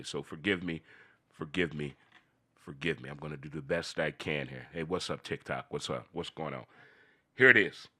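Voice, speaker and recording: A man hosting a casual, unscripted midday talk show. He talks in an animated way, repeats phrases and talks to himself. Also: low voice.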